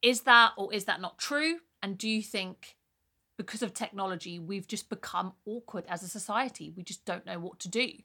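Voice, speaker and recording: A young woman chatting on a podcast, her voice bright and clear. She tells her stories candidly and easily, dropping in a casual swear here and there. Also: mid-range voice, moderate pace. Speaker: podcast co-host. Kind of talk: casual chat.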